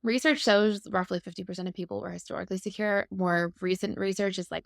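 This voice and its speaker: Woman in her 30s with some vocal fry, chatty and upbeat, dry close mic. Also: medium pitch, fairly even intonation, no echo. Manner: fluent, upbeat, explanatory, quick to laugh. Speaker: attachment theory expert guest. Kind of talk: conversational explaining.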